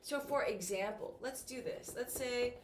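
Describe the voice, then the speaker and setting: A woman teaching English to beginners, speaking slowly and clearly with exaggerated intonation. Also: fairly high pitch, slight background noise. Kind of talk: slow beginner ESL lesson.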